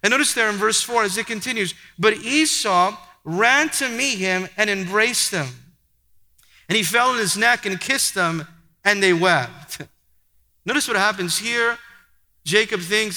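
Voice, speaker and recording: A man's voice: high voice, a little slow, bright, forceful tone. A man preaching a sermon with an emphatic, repetitive cadence. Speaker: pastor. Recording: long hall reverb.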